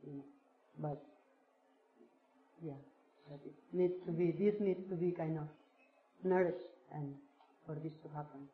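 Slow, searching woman in a roomy space. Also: sits low, fairly even intonation. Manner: slow, searching, many fillers like "like". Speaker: speaker sharing a teacher's words with a group. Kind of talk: reflective spiritual talk. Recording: roomy, dull lo-fi sound.

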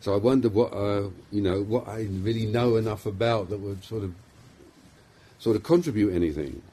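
A man's voice: on the low side, moderate pace, dark tone. A middle-aged man with a London accent, a psychiatrist giving an informal, self-deprecating talk to a small group, full of fillers and restarts. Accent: London English.

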